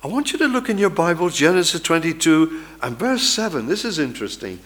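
A man's voice: on the high side, sing-song, fairly quick, fairly bright tone. A male preacher giving an emphatic sermon with dramatic storytelling.

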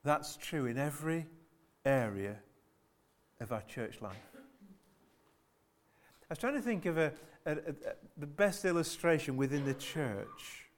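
Slight background noise accompanies a preacher whose fairly high voice is expressive and unhurried. He delivers his church sermon earnestly, circling back over phrases and checking in with the congregation via rhetorical questions.

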